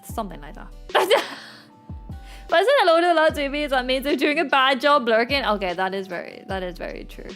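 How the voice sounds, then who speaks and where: A woman's voice: sits high, big pitch swings, fairly quick, fairly bright tone. A young woman, chatting casually with her stream viewers and laughing often between lines. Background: faint music.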